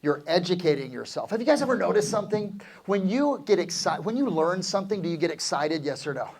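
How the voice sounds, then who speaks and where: A man's voice: high voice, quick pace. A middle-aged man coaching real estate agents in a live seminar, talking energetically and quizzing the audience. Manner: energetic, asks the crowd questions, calls for answers.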